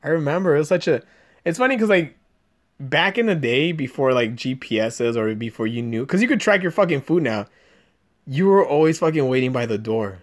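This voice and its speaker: A man's voice: on the high side, lively intonation, fairly quick. A young man hosting a podcast, telling rambling stories full of swearing in casual chat. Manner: profane, rambling storyteller. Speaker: podcast host. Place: Los Angeles area podcast room.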